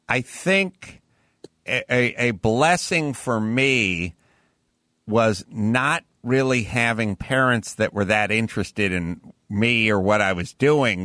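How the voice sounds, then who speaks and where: Bright-voiced man telling profane stories. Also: fairly low pitch, no room sound, clean studio sound. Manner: rambling, profane, animated anecdotes. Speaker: podcast host. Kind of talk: casual storytelling chat.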